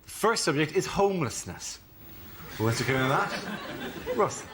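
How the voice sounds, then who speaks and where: Brisk man announcing panel show topics. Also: fairly high pitch, very animated. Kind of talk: brief show hosting. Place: TV studio with live audience. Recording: loud studio audience noise.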